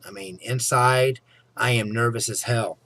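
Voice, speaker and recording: A man's voice: mid-range voice, fairly even intonation, unhurried, fairly bright tone, dry recording. A middle-aged man telling a personal story in a casual, rambling way, often saying "anyway" and "okay?". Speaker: vlogger.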